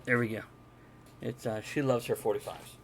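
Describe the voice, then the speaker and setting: Man, game master, live-streamed tabletop game, jokey chatty narration, medium pitch, light background noise. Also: steady tone, normal speed. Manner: chatty, jokey, talks to viewers in between.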